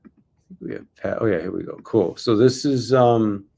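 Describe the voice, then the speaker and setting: Gravelly-voiced man rehearsing a talk. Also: fairly low pitch, normal speed, warm tone. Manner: restarts lines and comments on own delivery. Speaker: sales coach. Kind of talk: rehearsing a talk, casual livestream.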